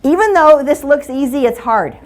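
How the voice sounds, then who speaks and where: A middle-aged woman speaker telling a funny story to an audience. Her voice sits a little high, and her delivery is animated and playful. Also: normal speed, soft background music. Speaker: motivational speaker. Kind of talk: humorous keynote storytelling.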